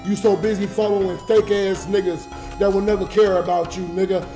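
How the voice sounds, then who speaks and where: Drunk tearful man ranting, high and echoey. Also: level tone, a little fast, over music. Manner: emotional, swinging between shouting rants and soft mumbling. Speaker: livestreamer and comedian. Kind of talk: rambling live-stream talk to chat.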